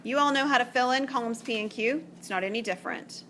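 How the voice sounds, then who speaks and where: A woman's voice: on the high side, fast, fairly bright tone, slight background noise. A woman math teacher lecturing to a class, chatty and checking in often with "okay?". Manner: chatty, explains step by step with frequent "okay?" checks.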